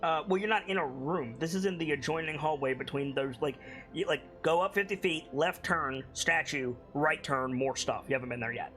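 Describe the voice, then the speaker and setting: A man's voice: on the high side, normal speed, a bit bright, soft background music. A man as game master of a tabletop game, explaining the scene loosely with many fillers.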